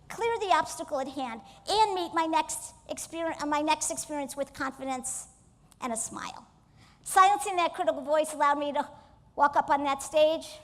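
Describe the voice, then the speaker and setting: Woman motivational speaker, high voice, energetic keynote in a reverberant hall. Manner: energetic, coaxes the audience to join in. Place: stage in a large hall.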